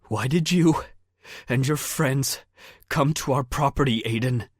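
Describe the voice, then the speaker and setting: A man voicing a fierce, grieving teenage girl in an audiobook, raising his voice high for her lines. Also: unhurried, slightly rough, dry recording, studio quality. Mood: furious. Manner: raised pitch, pleading then shouting.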